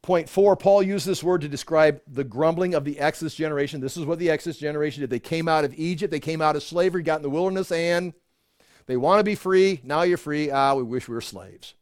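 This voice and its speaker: A man's voice: a little high, steady tone, quick pace, darkish tone, no room sound, clean studio sound. A man leading an informal Bible study for a small group, talking conversationally with many restarts and the odd chuckle.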